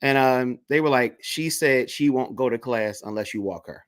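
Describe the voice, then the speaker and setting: Guy on a video call telling a school story, casual, does little voices for everyone, mid pitch. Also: moderate pace, smooth. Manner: animated, acts out the voices in his stories. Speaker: interviewer.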